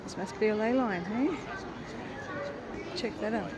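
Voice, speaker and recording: A woman's voice: mid-range voice, unhurried, a loud crowd. A woman vlogging a casual walking tour outdoors, chatting in rambling asides while filming on a handheld camera. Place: outdoors on busy town streets. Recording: loud street and traffic noise. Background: traffic and town bustle.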